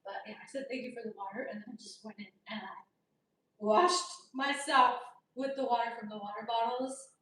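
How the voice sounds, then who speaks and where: A young woman vlogger telling a story in a casual, animated way, loud and laughing often as she acts out the dialogue. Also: a little high, moderate pace, far from the mic. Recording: echoey room, voice from off-mic.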